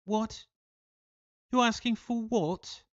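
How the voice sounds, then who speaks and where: An incredulous Englishman with a squeaky, strained voice, as a man puts him on, baffled and shrill. The sound is dull and lo-fi, like an old stream mic. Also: slow pace, dry recording. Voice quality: high, squeaky exaggerated voice.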